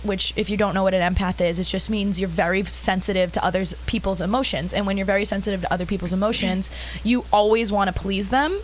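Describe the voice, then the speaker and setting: A woman hosting a live talk show, speaking at an ordinary pitch for a woman. She is chatty and animated, spilling thoughts in quick asides. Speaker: co-host.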